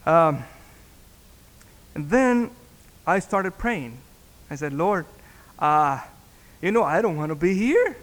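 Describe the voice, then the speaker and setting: A man, a pastor, telling a story in a sermon, halting and repeating words as he acts out the dialogue. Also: fairly high pitch, sing-song. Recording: long reverb in a hall.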